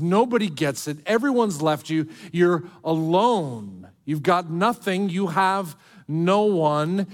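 Man, pastor preaching, high voice, impassioned, hushed then emphatic. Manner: impassioned, swinging from soft to emphatic. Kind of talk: sermon.

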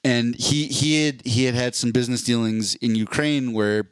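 A man's voice: mid-range voice, steady tone, moderate pace, smooth, no echo, clean studio sound. A man co-hosting a casual podcast chat, rambling and restarting as he explains things at length. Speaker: podcast co-host.

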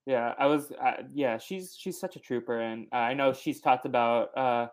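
A man's voice: medium pitch, moderate pace. A man hosting a podcast, chatting casually about a movie with many fillers. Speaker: podcast host. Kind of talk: casual chat.

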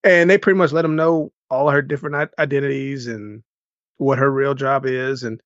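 A man co-hosting a casual movie podcast who walks through plot points in an easygoing way and chuckles along. His voice sits at a middle pitch. The recording is dry and somewhat muffled. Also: steady tone, moderate pace, dry recording. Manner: easygoing, recaps plots, chuckles. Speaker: podcast co-host. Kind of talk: casual movie review chat.

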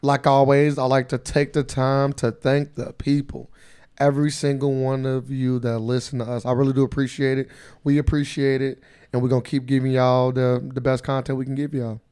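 A man's voice: mid-range voice, level tone, normal speed, darkish tone, clear, resonant tone. A man co-hosting a casual podcast, teasing and arguing his point with his co-host. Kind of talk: casual chat.

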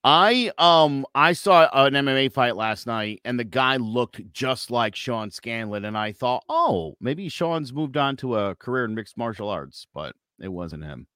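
A man co-hosting a casual sports podcast, animated and jokey. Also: mid-range voice, a little slow, hardly any pauses, clear, resonant tone, dry recording, clean studio sound. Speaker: podcast co-host.

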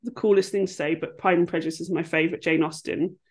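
A woman chats as a guest on a podcast. Her voice sits fairly low, and she tells long, rambling stories with animated energy, full of asides and restarts. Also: fast, a loud crowd. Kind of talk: casual chat.

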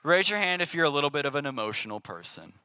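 A young man giving a casual, animated sermon to a youth group, with call-and-response. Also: on the high side, fast talker, clear, resonant tone, no room sound. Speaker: youth pastor.

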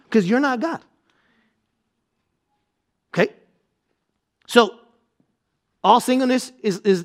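High-voiced middle-aged male pastor, animated sermon storyteller. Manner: animated storytelling with bursts of laughter.

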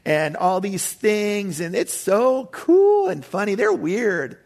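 A man voicing an older onlooker who laughs at street worshippers in a high, drawn-out, mocking tone. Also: sing-song, gravelly, a little mellow, exaggerated voice. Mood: mocking amusement.

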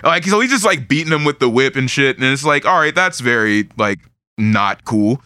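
Male podcast host: bright, dry-sounding voice, loose swearing banter with frequent laughs. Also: mid-range voice, normal speed, clean tone, no room sound. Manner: animated, swears constantly, laughs often. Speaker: podcast host recapping a manga. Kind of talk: casual chat.

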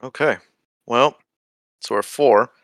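A man's voice: medium pitch, slow, a bit bright, dry recording, clean studio sound. A man co-hosting a casual sports podcast, talking in a hesitant, self-deprecating way. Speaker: podcast co-host. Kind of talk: casual hockey podcast chat.

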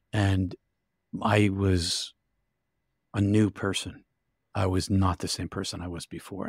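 An older man, an interview guest, telling his story in a vivid, halting way with restarts. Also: deep voice, breathy edge, dry recording, studio quality. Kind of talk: emotional storytelling.

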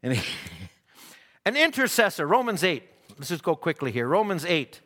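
A man delivers an earnest sermon in a high voice with a bright, clear edge. He often stammers and restarts his phrases as he reads scripture aloud and explains it. His voice carries a long reverberant tail, as in a church hall. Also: big pitch swings, moderate pace. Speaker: preacher.

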